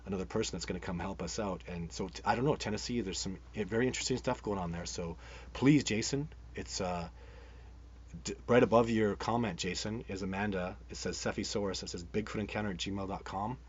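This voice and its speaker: Rambling, enthusiastic man with a low voice. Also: fairly quick. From Canada. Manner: rambling and enthusiastic, many restarts. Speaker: host of a live Bigfoot show. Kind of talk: live-stream chat answering viewer comments. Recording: dull sound with faint background noise.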